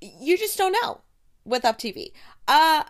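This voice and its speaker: Lively bright-voiced young woman recapping films. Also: high voice, a little slow, no room sound, studio quality. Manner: animated and incredulous, acting out quoted lines. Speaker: podcast host reviewing movies. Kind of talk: casual chat recapping a movie.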